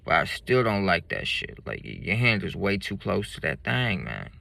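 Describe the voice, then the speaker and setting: A man's voice: sits low, very animated, moderate pace, gravelly, bright, forceful tone. Blunt man telling a street story. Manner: blunt, profane street slang. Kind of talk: casual spoken storytelling.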